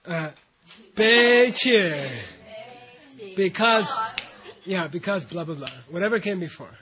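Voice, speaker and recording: A man's voice: sits high, moderate pace, muffled recording, crowd noise. A man teaching a language class, reading out syllables, counting the students in and adding chatty asides.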